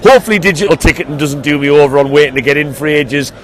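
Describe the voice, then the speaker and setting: A man, vlogging in an excited, chatty way as he heads to a football match through city streets. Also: on the high side, racing. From England. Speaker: vlog host. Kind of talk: matchday vlog.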